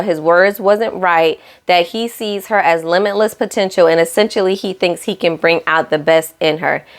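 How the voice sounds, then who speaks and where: A young woman giving a casual, sassy recap of a reality show, talking straight to her viewers and acting out what the cast said. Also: mid-range voice. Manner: acts out cast lines in shifting voices.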